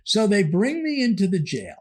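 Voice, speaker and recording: A man casually telling a lively anecdote on a podcast, acting out the other people in it. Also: high voice, normal speed. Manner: animated anecdote telling, acts out quoted voices. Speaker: podcast guest storyteller. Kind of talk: casual storytelling.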